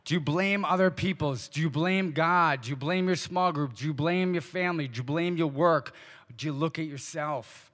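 A male pastor delivers a sermon in a slightly higher voice, firing short pointed questions at the congregation and then dropping to quieter asides. His words ring out with the long reverb of a large church hall. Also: normal speed.

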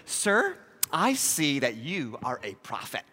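A man's voice: on the high side, wildly swooping pitch, takes it slowly, bright, forceful tone, slightly rough, big-room sound, pitched below the performer's own voice, heavily acted. A man voicing a defensive Samaritan woman in a retold sermon story, rambling and deflecting with stammers. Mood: flustered. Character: flustered, defensive Samaritan woman, evasive and quick.

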